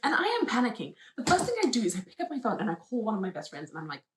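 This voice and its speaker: A woman's voice: fairly high pitch, wildly swooping pitch, rapid-fire, reverberant, noisy background. A pregnant woman telling a personal story on her vlog, emotional and dramatic as she retells it. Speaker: vlogger.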